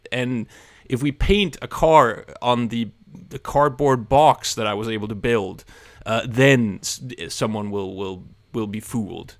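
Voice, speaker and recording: A man's voice: medium pitch, normal speed, fairly bright tone, clean tone, dry recording, clean studio sound. A man hosting a live stream, chatting casually and rambling with self-deprecating humor to his viewers. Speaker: livestream host.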